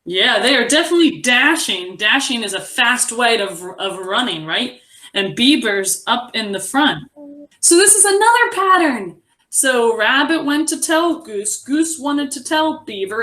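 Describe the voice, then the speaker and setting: A young adult woman teaching a reading lesson to a class, encouraging and expressive as she reads aloud. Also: on the high side, measured pace.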